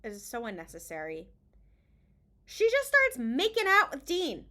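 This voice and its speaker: A woman co-hosting a podcast, recapping an episode in a casual, animated way and acting out the characters' lines, swearing freely. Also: sits high, moderate pace. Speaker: podcast co-host.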